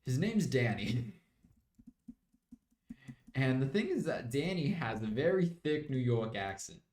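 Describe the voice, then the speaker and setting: A man's voice: mid-range voice, very animated, unhurried, a little mellow, reverberant. A young man streaming a game, chatting in a rambling way and slipping into mock British slang. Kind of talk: casual live-stream chat while gaming.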